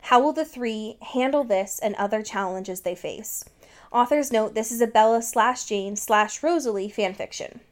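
Higher-voiced woman podcast host. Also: moderate pace. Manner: joking, laughs often, many fillers. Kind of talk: casual chat and reading fan fiction aloud. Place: Seattle.

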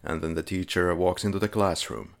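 A man with a very low voice co-hosts a casual film podcast. He walks through short-film plots in a relaxed, dryly sarcastic way and chuckles now and then. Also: brisk, gravelly. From Finland. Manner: laid-back, chuckles while reviewing, dry sarcasm. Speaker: podcast co-host. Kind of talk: casual film review chat.

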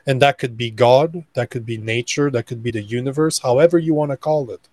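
A man speaking as a guest on a podcast interview, blunt and emphatic, lecturing with slow deliberate stresses. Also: mid-range voice, darkish tone, no room sound. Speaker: guest, men's coach.

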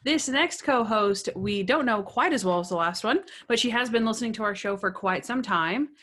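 A woman hosts a casual podcast. Her voice sits at a middle pitch. She is friendly and chatty and teases her guests. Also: lively intonation, moderate pace, fairly bright tone. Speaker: podcast host.

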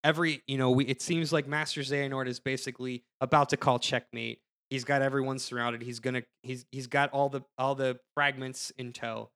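A man's voice: mid-range voice, little pitch movement, fairly quick, few pauses, fairly bright tone. A man hosting a casual chat, recapping a story in a rambling, sarcastic way with goofy asides. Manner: rambling, sarcastic, acts out characters in goofy voices. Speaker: podcast host recapping a game plot.

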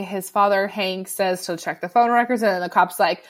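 A woman's voice: fairly quick, few pauses. A woman co-hosting a podcast, chatting casually and animatedly as she recaps a film. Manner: animated, acts out quotes in loud high voices. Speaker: podcast co-host. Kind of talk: casual movie recap chat.

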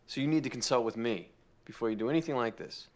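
A man's voice: mid-range voice, quick pace, natural voice. An actor playing a grown man who confronts his estranged mother in a TV drama, sarcastic and bitter. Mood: defiant. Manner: sarcastic, rising to shouting. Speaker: grandson caring for his grandmother. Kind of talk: TV drama acting.

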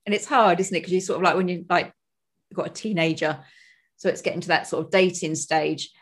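A woman in her forties, a podcast guest and author, talking quickly and casually, acting out quotes in a higher voice and laughing often. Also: fairly even intonation. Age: 40s. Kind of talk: casual conversation.

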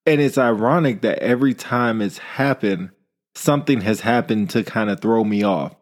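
A man in a casual conversation, reflecting on his own habits and sometimes pausing to search for words. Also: lowish voice. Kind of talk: casual podcast chat.

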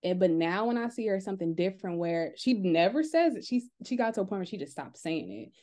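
A young woman talks easily on a casual podcast, her voice mellow and warm. She tells family stories with animation, slipping into quick impressions of her relatives. Her pitch sits in an ordinary middle range for a woman. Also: very animated. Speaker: podcast co-host.

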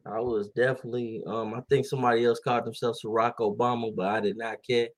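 A man's voice: medium pitch, little pitch movement, fast. A young man in his twenties co-hosting a podcast, telling stories in a laid-back, slangy way and laughing often. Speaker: podcast co-host. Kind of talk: casual chat.

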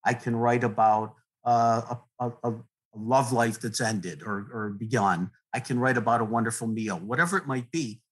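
A middle-aged man, a guest poet, talking in a rambling, earnest way, with many restarts and soft laughs. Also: mid-range voice, moderate pace, slightly rough, poor audio. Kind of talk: relaxed conversational interview.

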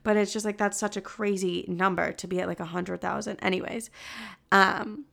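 A woman's voice: mid-range voice, steady tone, normal speed, gravelly, fairly bright tone. A woman in her twenties from Chicago, hosting a podcast in casual chat, chatty, with lots of "like" and "literally" and easy swearing. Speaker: podcast host.

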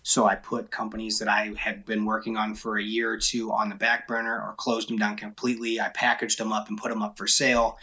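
A man's voice: lowish voice, completely flat delivery, fairly quick, few pauses, sharp tone. A man who owns a business, talking frankly and emphatically in a casual interview, often repeating his key points. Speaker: business owner.

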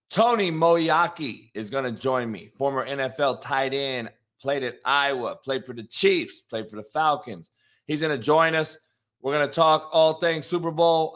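A man hosting a morning sports talk show, hoarse from yelling, brash and profane as he hypes the show and reads sponsor plugs. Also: medium pitch. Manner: brash, profane, hype-driven.

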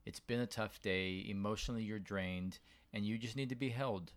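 A man's voice: on the low side, moderate pace. A man co-hosting a marriage podcast, talking casually with fillers and restarts. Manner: conversational, frequent fillers and restarts. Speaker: podcast co-host. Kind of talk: casual chat.

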